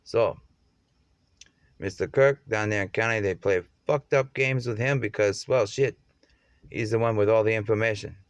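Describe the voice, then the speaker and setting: A man's voice: on the low side, normal speed, clean tone, no echo. A man delivering a rambling, profane monologue that jumps from topic to topic.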